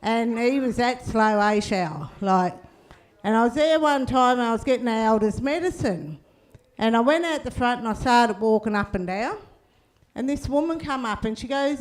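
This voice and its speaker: A woman's voice: a little high, moderate pace. A middle-aged woman, telling stand-up stories in a laid-back, cheeky way and tagging lines with "eh?". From Australia. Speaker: comedian. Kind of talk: stand-up storytelling.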